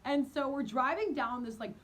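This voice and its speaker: High-voiced, giggly young woman storyteller. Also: normal speed. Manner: animated, giggly, self-mocking. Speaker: vlogger. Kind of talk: storytime vlog.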